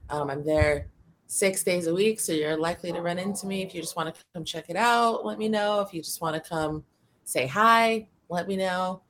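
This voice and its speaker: A woman's voice: lowish voice, normal speed, a bit bright, a little hiss or hum. A woman appearing as a guest on a podcast, easygoing and thoughtful in casual chat, who works as a gym trainer.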